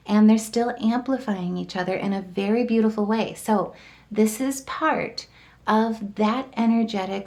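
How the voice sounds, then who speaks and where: A woman's voice: medium pitch, darkish tone. A woman giving an enthusiastic, chatty tarot and astrology reading, often tagging "right?" and "like" onto her points. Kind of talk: casual spoken horoscope reading.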